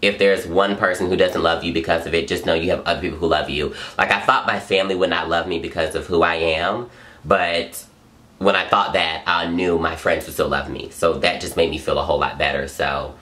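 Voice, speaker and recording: A young man talks straight to his camera in an earnest, emotional vlog, gushing and repeating himself. His voice sits low yet sounds bright and forceful. He comes across as an open, heartfelt vlogger. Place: home in Los Angeles.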